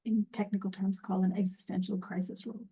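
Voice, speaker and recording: A woman playing a tabletop role-playing game, describing her moves slowly and hesitantly. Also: medium pitch, level tone, dark tone, husky, poor audio. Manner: slow, hesitant, thinking aloud. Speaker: player. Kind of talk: casual game table chat.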